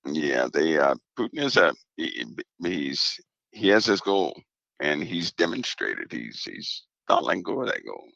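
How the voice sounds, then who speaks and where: A man talking as a guest on a show, steady and emphatic, repeating his main points. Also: extremely low pitch, a little slow, creaky, no echo, lo-fi sound. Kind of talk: casual talk on a show.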